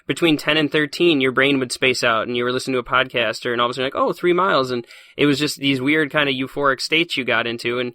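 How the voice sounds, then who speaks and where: A man telling stories in a casual podcast interview as a guest, animated and laughing often. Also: medium pitch, dry recording, clean studio sound. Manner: fast, animated storyteller who laughs often. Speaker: podcast guest, science teacher.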